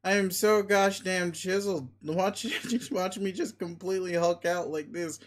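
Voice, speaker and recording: A man reading a webcomic aloud, voicing a boastful, crude, muscle-obsessed male creature who swears loudly and gives commands. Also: high-pitched, moderate pace, lightly acted. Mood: bragging. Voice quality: loud, bragging, swears constantly. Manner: bombastic, pushy, commanding.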